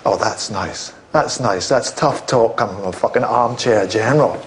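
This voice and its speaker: An actor playing a foul-mouthed, combative political spin doctor in a film, firing off sarcastic put-downs. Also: male voice, on the low side, normal speed, slight background noise, natural voice. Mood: sneering. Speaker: film character in a clip.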